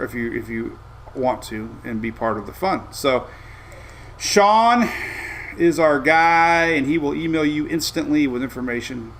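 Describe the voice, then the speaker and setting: A middle-aged man hosting a casual live weather show, rambling and easygoing with excitable asides. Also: mid-range voice, slight background noise.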